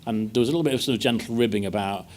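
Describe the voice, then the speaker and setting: A man's voice: on the low side, racing, a little mellow, slight background noise. A man interviewing a guest about a film, chatty and fond of tag questions. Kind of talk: casual conversation.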